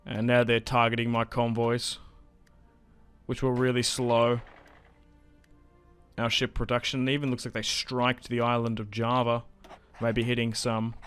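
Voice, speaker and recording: A young man giving casual, chatty commentary while playing a strategy game, getting excited and laughing often. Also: medium pitch, smooth. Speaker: gaming YouTuber.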